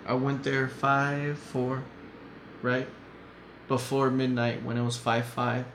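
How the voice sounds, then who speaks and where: A man's voice: medium pitch, monotone, takes it slowly, fairly bright tone. A man telling a story in casual chat as a podcast guest, blunt and heated, swearing often. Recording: echoey room, faint noise.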